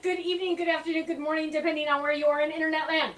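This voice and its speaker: Chatty high-voiced woman hosting a craft show. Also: flat delivery, rapid-fire. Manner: chatty and rambling, full of asides. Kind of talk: casual livestream chat.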